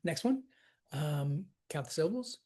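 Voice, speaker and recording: A man teaching how to scan verse, relaxed and encouraging as he talks through examples. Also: fairly high pitch, a little slow.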